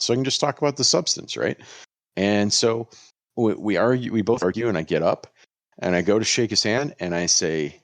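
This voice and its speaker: A man's voice: on the low side, a little fast, no room sound. A man, a lawyer, telling a story on a casual podcast and acting out the lines people said. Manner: animated, acts out quoted lines.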